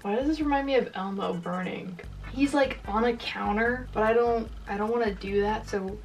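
A woman's voice: on the high side, moderate pace, far from the mic, soft background music, rough recording. A young woman vlogging casually as she paints, rambling and joking at herself. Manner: rambling, self-mocking, chatty. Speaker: YouTuber. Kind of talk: casual chat while painting.

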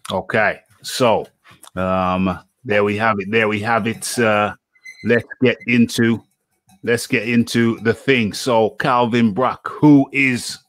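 Slow, dry-voiced man hosting a boxing show. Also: on the low side, fairly bright tone, no room sound. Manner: chatty, repeats phrases, narrates his setup. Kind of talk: live online interview show.

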